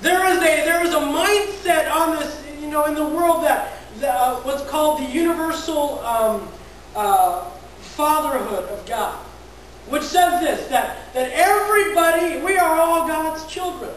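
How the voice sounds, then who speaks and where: A woman pastor delivers a conversational sermon in an unhurried, high voice with a slight hiss or hum, often repeating words and putting questions to the congregation. She's recorded from a distance in a large, very echoey church hall.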